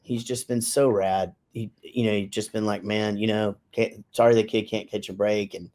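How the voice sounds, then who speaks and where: A man's voice: fairly low pitch, little pitch movement, normal speed, darkish tone. A middle-aged man co-hosting a podcast in casual chat, rambling loosely and swearing now and then. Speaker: podcast co-host.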